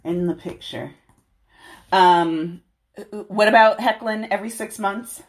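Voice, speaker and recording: A young woman livestreamer who talks slowly, drawing out her words between giggles. Her chat is casual and loose as she greets viewers by name and trades banter. Her voice sits at an ordinary middle pitch. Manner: giggly, chatty, drawn-out. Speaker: livestream host.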